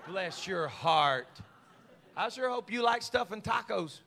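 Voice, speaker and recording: A preacher with a high, gravelly, bright voice. He talks folksy and stammers, then erupts into shouts. Fiery, conversational sermon delivery. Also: expressive, takes it slowly, a faint crowd. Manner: fiery, swings from quiet asides to shouting.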